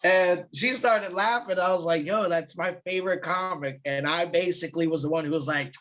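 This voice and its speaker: A man's voice: high-pitched, moderate pace, a bit bright. A man, a guest comedian, chatting casually on a podcast and telling loose, profane stories full of fillers.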